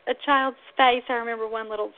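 A woman's voice: a little high, fairly even intonation, fast. A woman speech-language pathologist hosting an instructional podcast, explaining patiently and acting out toddler sounds now and then. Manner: warm, explanatory, models toddler sounds in a sing-song way. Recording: phone-like narrow audio.

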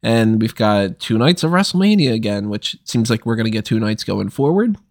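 A man's voice: on the low side, very animated, a little fast, no room sound, studio quality. A man hosting a casual podcast chat while a little under the weather, talking in a wry, deflated, complaining way. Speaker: podcast host.

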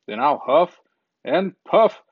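A man's voice: fairly high pitch, very animated, breathy edge, voice pushed up, heavily acted. A man doing a blustering big bad wolf. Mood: threatening. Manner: drawn-out huffing threats. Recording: dull lo-fi recording.

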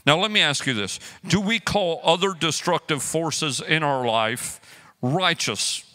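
A man's voice: on the high side, a little slow. A man preaching a sermon as pastor, joking and acting out everyday quarrels as he teaches. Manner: animated, joking storyteller who acts out quotes.

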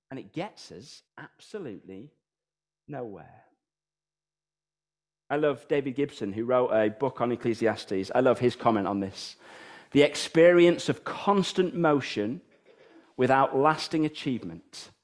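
Animated British man preaching a sermon. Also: medium pitch. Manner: animated, rhetorical questions, sings snatches of songs. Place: church.

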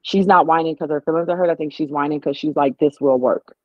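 A woman chatting casually as co-host of a reality-show recap, opinionated and animated, slipping into voices when she quotes people. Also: low-pitched, quick pace, no room sound. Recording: dull lo-fi audio.

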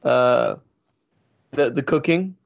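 A man co-hosting a casual soccer podcast, telling rambling, animated stories. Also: mid-range voice, slow, creaky, muffled recording, a loud crowd. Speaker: podcast co-host. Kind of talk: casual chat.

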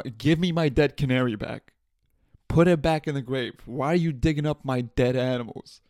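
A man's voice: mid-range voice, dry recording, studio quality. A man hosting a podcast, telling stories casually with plenty of swearing and bursts of laughter. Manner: profane, animated storytelling with laughs. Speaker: podcast host. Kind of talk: casual storytelling.

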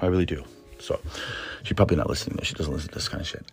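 A man's voice: extremely low pitch, fairly even intonation, racing, vocal fry, soft background music. A man telling a rambling, profane story in a casual podcast monologue, full of restarts. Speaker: podcast host.

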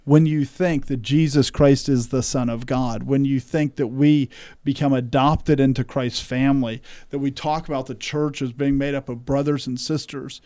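On this church podcast, the co-host talks religion with emphasis, preaching and citing scripture. He has a medium pitch and a steady, mellow tone, keeps a moderate pace with few pauses, and the sound has no echo.

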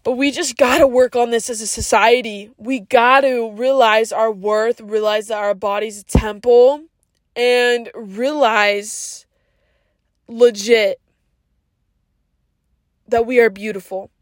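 A woman's voice: a little high, steady tone, slow, no echo, clean studio sound. A woman hosting a podcast, giving a casual but earnest, preachy monologue full of "like" and slang such as "yo" and "bro". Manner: frequent "like" fillers. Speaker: podcast host.

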